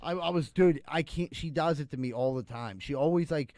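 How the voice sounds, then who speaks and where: A man with a fairly high voice rambles through an exasperated story while co-hosting a podcast. The recording is dry and close. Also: a little fast, darkish tone, no room sound. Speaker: podcast co-host. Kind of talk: casual chat.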